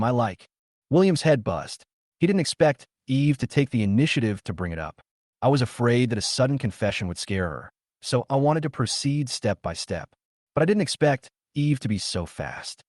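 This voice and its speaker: A man narrating a manhwa recap story, reading every part in the same steady narrating voice. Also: on the low side, no echo, clean studio sound. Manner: reads all parts in one steady narrating voice.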